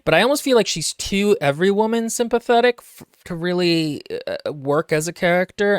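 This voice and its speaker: A man's voice: on the high side, smooth, dry recording. Wry man with dry close sound. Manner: opinionated, wry, trailing asides. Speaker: podcast co-host. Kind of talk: casual book discussion.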